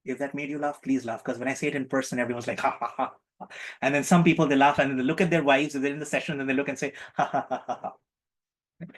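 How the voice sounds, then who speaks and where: A man's voice: medium pitch, fairly even intonation, very fast, hardly any pauses. A man leading an online group healing session on a video call, playful and teacherly, repeating his questions to the group. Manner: playful, repetitive teacherly prompting.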